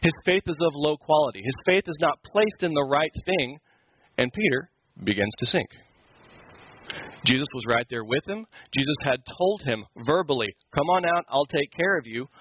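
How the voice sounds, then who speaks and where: A man's voice: a little high, expressive, normal speed, muffled recording, a little hiss or hum. A man teaching a Sunday school lesson, explaining scripture in an emphatic, conversational way. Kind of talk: Bible teaching.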